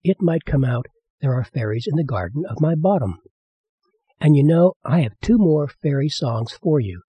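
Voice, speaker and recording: Husky-voiced male radio host. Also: fairly high pitch, animated, moderate pace, dark tone, no echo. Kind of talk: casual record introductions.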